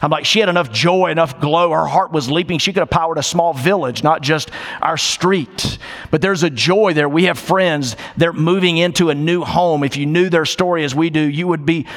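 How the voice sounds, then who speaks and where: A man preaching a sermon in a church, conversational, slowing down for emphasis and dropping in playful asides. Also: a little high, a bit bright, in a large hall. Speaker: pastor. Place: church sanctuary.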